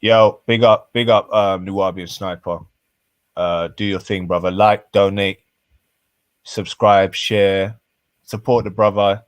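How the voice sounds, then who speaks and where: A man's voice: fairly low pitch, steady tone, measured pace, clean tone, dry recording. A man arguing heatedly on a live-stream panel, swearing and full of slang. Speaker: panel guest.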